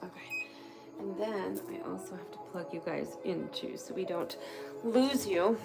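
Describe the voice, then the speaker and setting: A woman hosts a live stream from her home in an unhurried, drawn-out way, her voice sitting at an ordinary middle pitch. She chats openly and candidly with her viewers and lets a curse slip when something goes wrong. Soft music plays faintly in the background. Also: expressive, creaky. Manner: chatty and candid, swears freely when annoyed. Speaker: host of a live online session. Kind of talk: casual live-stream chat. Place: at home indoors by a fireplace.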